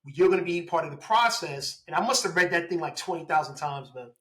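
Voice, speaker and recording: In a casual interview, a guest who is a police officer in his forties recounts his story quickly and with animation, voicing the dialogue he quotes. He sounds a little high, very bright and forward, on poor-quality audio.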